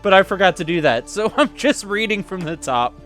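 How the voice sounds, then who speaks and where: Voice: mid-range voice, lively intonation, a little fast, fairly bright tone, soft background music. A streamer hosting a casual interview on a voice call, rambling through stories and laughing. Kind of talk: casual online chat.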